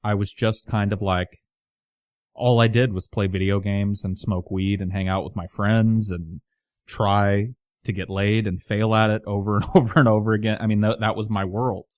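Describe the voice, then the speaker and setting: A man's voice: fairly low pitch, steady tone, moderate pace, dry recording, studio quality. A man in his thirties with a light Southern twang, rambling casually and self-mockingly to his channel, swearing often. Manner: rambling, profane, self-mocking, many restarts. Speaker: channel host. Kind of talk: casual monologue to camera.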